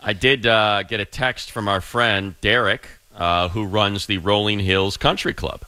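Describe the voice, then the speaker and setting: A man's voice: fairly low pitch, a little slow, sharp tone, clean tone, dry recording. A man co-hosting a sports radio show, answering jokes with a matter-of-fact, dry delivery. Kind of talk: casual sports talk banter.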